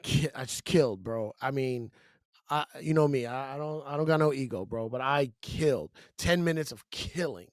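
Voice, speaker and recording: A male comedian and podcast co-host telling a story in casual chat, slangy and animated, acting out what people said. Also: mid-range voice, normal speed, no room sound, studio quality. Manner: animated storyteller, slangy with "bro", acts out exchanges. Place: podcast studio. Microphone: studio mic.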